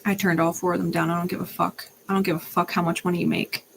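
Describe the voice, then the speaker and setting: Woman, tarot reader, unscripted rant, heavy swearing, gravelly, blunt. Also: fairly low pitch, flat delivery, quick pace, slight background noise. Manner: blunt, profane, fired-up. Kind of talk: unscripted ranting monologue.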